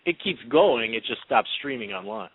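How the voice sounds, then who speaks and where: A man's voice: mid-range voice, big pitch swings, normal speed, gravelly, slightly rough. A man co-hosting a casual hockey radio chat, rambling and hesitant with many fillers. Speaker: blog podcast co-host. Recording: tinny phone line.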